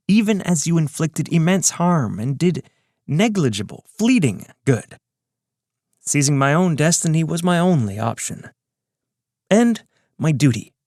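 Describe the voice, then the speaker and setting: A man's voice: on the high side, a little mellow, no echo, clean studio sound, voice pushed up. A man voicing a smug, scheming villain who taunts his old partner in a condescending, mocking way, in a serial audiobook reading.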